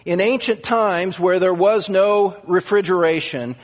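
A man's voice: sits high, measured pace, long reverb tail. A man preaching a sermon as pastor, earnest and emphatic, stressing key words again and again.

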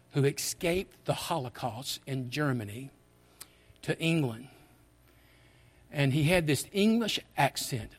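An older man shares a memory from the pulpit, earnest and conversational. He often restarts his phrases as he tells his story, in a mid-range voice. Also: mid-range voice. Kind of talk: personal storytelling.

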